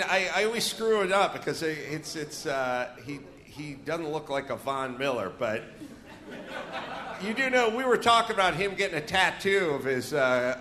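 A man from North Hollywood, California hosts a live comedy podcast on a venue stage before an audience, ranting and making crude jokes. His voice is on the high side, bright and forceful. The sound is echoey, typical of a live venue.

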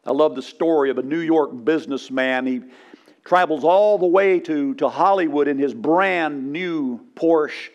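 A male pastor delivers a sermon with a voice pitched a little above most men's. He tells humorous stories, building to loud punchlines. He often checks in with his listeners for a response. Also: unhurried, muffled recording. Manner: asks congregation for responses.

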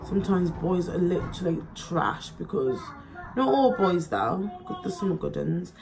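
A woman's voice: lowish voice, big pitch swings, measured pace, vocal fry, rough recording. Chatty young woman vlogging. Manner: rambling and chatty, full of likes and ums. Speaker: beauty vlogger. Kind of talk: casual chat while doing makeup. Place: at home.

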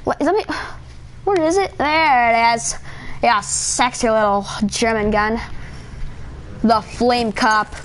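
A bossy, self-important police officer barks orders in a high, strained voice, as a man puts him on while commenting on gameplay. He scolds in a pompous rapid-fire rush, and a faint hiss sits under the voice. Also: a bit bright, full character voice. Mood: scolding. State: straining his throat.

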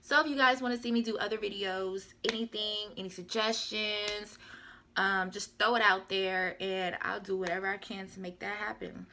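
A woman's voice: mid-range voice, steady tone, moderate pace, bright, forceful tone, a little hiss or hum. A young woman vlogger chatting casually and rambling through a product update, often correcting herself. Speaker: beauty vlogger. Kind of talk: casual product review chat.

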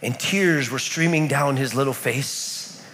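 A man's voice: medium pitch, a little slow, a bit bright. A man from the United States preaching a sermon in a church in Kenya, telling a story with lots of repetition. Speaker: pastor. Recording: echoey church hall.

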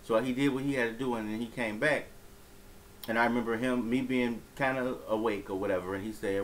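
A man's voice: medium pitch, fairly even intonation, brisk, slight background noise, poor audio. A man telling a personal story in a casual vlog, rambling and profane, with many fillers and restarts.

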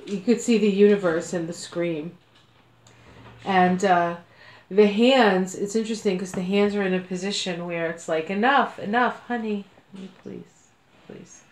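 A woman's voice: medium pitch, darkish tone, slight background noise. A woman from the United States giving a casual card reading at home, talking in a chatty, meandering way with many fillers. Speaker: card reader. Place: home room. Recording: echoey room.

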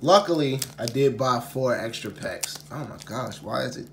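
A man chatting casually to his camera, sighing and repeating himself as exasperation builds. His voice sits at an ordinary middle pitch. Loud crinkling of packaging runs beneath his talk. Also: expressive, moderate pace. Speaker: card-opening video host. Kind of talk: casual unscripted chat to camera. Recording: crinkling packaging noise throughout.

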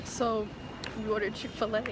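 A woman's voice: mid-range voice, level tone, normal speed. A young woman from Maryland chatting casually in a travel vlog, giggling often as she talks. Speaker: vlogger. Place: airport and outdoors while traveling. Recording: noisy travel background.

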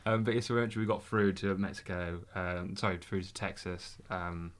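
A young man recounts his travel adventures in a relaxed podcast chat. He talks quickly in a fairly low voice and tells stories with an animated delivery. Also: smooth. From Britain. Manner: animated anecdote-telling. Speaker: podcast guest, round-the-world scooter traveller. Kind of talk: casual interview storytelling.

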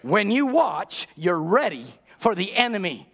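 High-voiced preacher man, urgent and exhorting. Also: sing-song, a little slow, creaky, a bit bright. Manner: urgent, repeats key words for emphasis; rhetorical questions, exhorting the congregation as saints. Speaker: pastor. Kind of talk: sermon.

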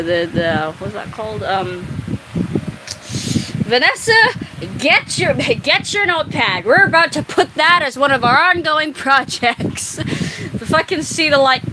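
Giggly high-voiced young woman. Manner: giggly, rambling, swears a lot. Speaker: streamer chatting with friends. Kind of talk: casual chat. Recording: noisy background.

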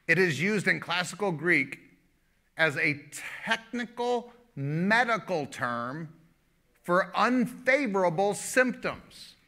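A man's voice: high voice, big pitch swings, unhurried, sharp tone. A male pastor giving a live sermon in an emphatic, repetitive style, often breaking into laughter.

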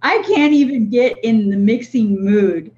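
A woman's voice: fairly high pitch, unhurried, dark tone. A woman co-hosting a livestream in casual chat, laughing often and reading comments aloud. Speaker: co-host of a vaping livestream. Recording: dull lo-fi stream audio.

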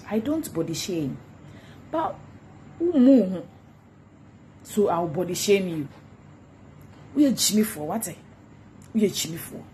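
A woman's voice: fairly low pitch, dark tone, slight background noise. Mocking Ghanaian woman ranting. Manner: mocking, insulting, repetitive taunts. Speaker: social media commentator. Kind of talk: gossip rant vlog.

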